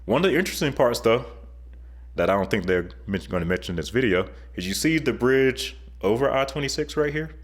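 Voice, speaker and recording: A man hosts his online show with chatty, excited commentary over video clips. He jokes often, and his voice sits at a middle pitch. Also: fairly quick. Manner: chatty, enthusiastic, joking. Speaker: YouTube host.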